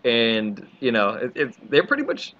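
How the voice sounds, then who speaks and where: A man riffs loosely and crudely on a casual podcast, filling his talk with "like" and "you know." His pitch is middling. The recording is dull and lo-fi, with faint noise behind him. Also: wildly swooping pitch, measured pace. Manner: rambling, crude joking, lots of fillers. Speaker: podcast co-host. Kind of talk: casual chat.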